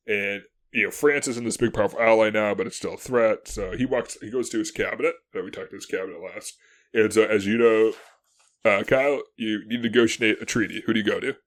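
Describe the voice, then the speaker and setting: This male podcast co-host has a fairly low voice and chats casually about history, animatedly acting out historical figures in quick asides and laughing often.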